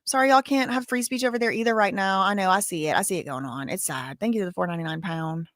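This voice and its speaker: A woman hosting a casual livestream, thanking viewers and talking in a halting, emotional way full of "like". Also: medium pitch, a bit bright, dry recording, studio quality. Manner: chatty, halting, heavy use of "like", openly emotional. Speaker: livestream host reading viewer donations.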